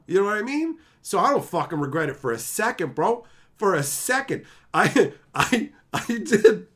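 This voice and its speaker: A man from Canada chatting casually on a live stream, telling stories in an animated, profane way and laughing often. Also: fairly high pitch.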